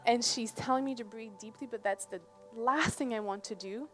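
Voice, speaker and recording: A woman's voice: on the high side, moderate pace, hardly any pauses, a bit bright, soft background music. Woman telling a personal story to an audience. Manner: conversational, often checks in with "right?". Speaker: presenter. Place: presentation on a cruise ship.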